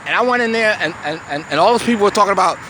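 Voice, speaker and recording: His voice sits high, racing along with lively intonation and a pushed, bright quality: an American man in his sixties ranting profanely at the camera. He rambles, stammers and repeats himself as he restarts his sentences. Behind him, a city street gives off faint traffic noise.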